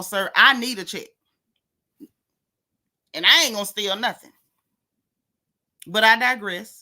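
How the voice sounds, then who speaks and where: A woman's voice: on the high side, pushed and bright. A woman hosting a casual gossip livestream, sassy and mocking as she talks straight to her viewers. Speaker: host of a gossip channel.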